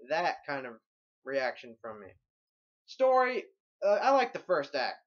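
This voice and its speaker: A man's voice: fairly high pitch, very animated, a little slow, dull audio. A man giving a casual movie review in a blunt, rambling, profane way.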